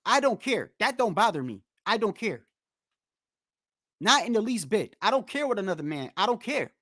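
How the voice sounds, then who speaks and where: On his live stream he answers chat in a casual rant, blunt and heavy on the cursing. His high voice is sing-song, bright and forceful at a moderate pace, with studio quality and no room sound.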